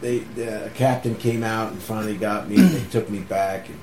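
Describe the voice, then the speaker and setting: A man casually telling animated stories about his military days, laughing through them. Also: lowish voice, moderate pace, crowd noise. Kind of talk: casual storytelling chat. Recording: echoey room with faint background hum.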